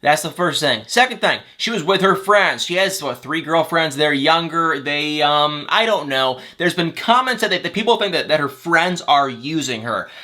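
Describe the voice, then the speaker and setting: A man hosts a celebrity gossip vlog in a bright, slightly high voice that rises and falls all the time. He rambles chattily, trips over names, corrects himself and laughs at his own mistakes. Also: animated, moderate pace, hardly any pauses. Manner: rambling, self-mocking gossip with slips and corrections. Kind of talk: casual chat.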